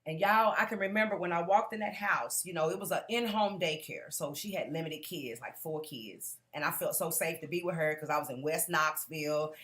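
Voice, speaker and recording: Woman, lowish voice, earnest testimony that speaks straight to the crowd. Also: a little fast, hardly any pauses, fairly bright tone. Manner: earnest, direct, keeps calling out to the audience. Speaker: conference speaker giving a testimony. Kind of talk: personal testimony to a live audience.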